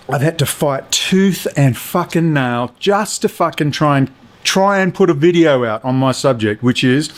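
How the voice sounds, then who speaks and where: Man, self-shot vlog in an apartment, furious swearing rant to camera, mid-pitched voice. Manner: heated, ranting, heavy swearing. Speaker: video blogger. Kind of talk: angry profane monologue to camera. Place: apartment indoors.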